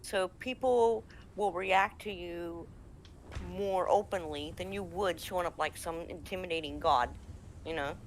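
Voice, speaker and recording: A woman's voice: fairly low pitch, measured pace, a little hiss or hum. Midwestern woman telling a game story. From American Midwest. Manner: lively, laughing, acts out quotes. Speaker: game server admin. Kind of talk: casual storytelling chat.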